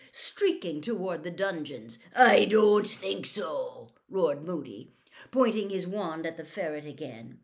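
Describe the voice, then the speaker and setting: A woman reading a novel aloud as a storyteller, in an unhurried, expressive manner. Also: lowish voice. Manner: unhurried, expressive, swinging intonation.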